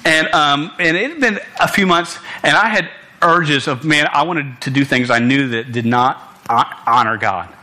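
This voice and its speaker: Pitched fairly high and delivered at a moderate pace, this young preacher's voice sounds pushed and bright as he addresses a congregation in a room. Earnest and direct, he keeps stammering and starting over, with punchy asides aimed at the listeners.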